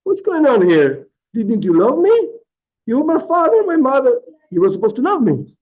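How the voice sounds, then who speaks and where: A man's voice: wildly swooping pitch, moderate pace, a little mellow, dull audio, full character voice. A man playing a hurt, pleading little child. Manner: wailing, pleading high voice. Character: hurt crying small child, pleading with parent.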